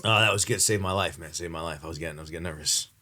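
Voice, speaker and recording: A man co-hosting a podcast, joking in casual chat with quick interjections. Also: low-pitched, pushed and bright. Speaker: podcast co-host.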